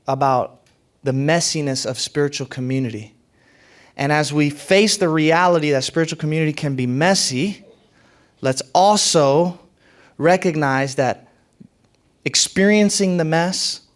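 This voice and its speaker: A pastor delivers a sermon with emphasis, his voice sitting a little high. He repeats key phrases and jumps up in pitch when he drives a point home.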